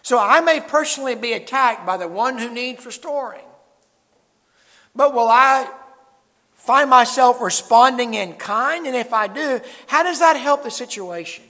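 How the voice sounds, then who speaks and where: A man preaching a sermon to his congregation, swinging between loud emphatic lines and quiet low asides. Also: a little slow, in a large hall. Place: church sanctuary.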